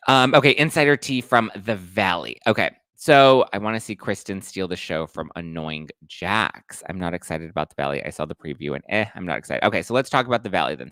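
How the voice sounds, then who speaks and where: A man's voice: low voice, fairly bright tone, no room sound. A man hosting a casual pop culture chat, talking in a chatty, playful, gossipy way.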